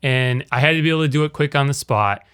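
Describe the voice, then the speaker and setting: A man's voice: medium pitch, fast, fairly bright tone, clean tone. Rambling man demoing a shotgun mic. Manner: rambling, self-correcting, demonstrates by talking at different distances. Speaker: video creator reviewing a microphone. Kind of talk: casual gear demonstration. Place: quiet indoor room. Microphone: shotgun mic on camera, near and far.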